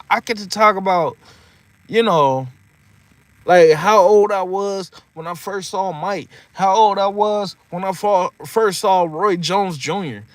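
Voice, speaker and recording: This high-pitched male vlogger, recorded with no room sound, is in his thirties and reminisces through a loose, casual monologue. Expect frequent laughter, plenty of swearing, lively energy, and the repeated phrase "you know what I mean."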